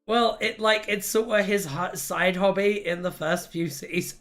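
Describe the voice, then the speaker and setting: A man hosting a casual livestream, animated and laughing often as he rambles through jokes and rants. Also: sits high, a little slow. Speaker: livestream host.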